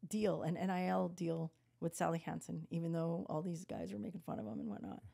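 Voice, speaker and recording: A woman in her fifties carries a casual podcast chat and tells stories with lively energy, dropping swear words along the way. Her voice sits a little low and has a gravelly fry to it. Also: fairly quick. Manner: animated storyteller, swears freely, quotes people in acted voices. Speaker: podcast co-host.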